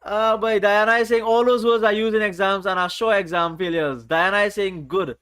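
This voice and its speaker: A man's voice: sits high, fairly even intonation, moderate pace, a bit bright, smooth. A man hosting a casual livestream, reading viewers' chat aloud in a playful, teasing way. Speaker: livestream host.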